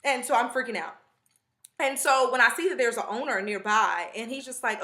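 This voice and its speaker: A young woman vlogger with a mid-range voice tells a long story to camera at a fairly quick clip. Her retelling is chatty, rambling, and animated, packed with fillers and asides, and the room is echoey.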